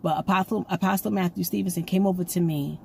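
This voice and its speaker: A woman giving an excitable, rambling prophetic message to her viewers, recorded on her own camera at home. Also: on the low side, quick pace, creaky, slight background noise. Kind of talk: casual prophetic video message. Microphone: camera she sets up herself.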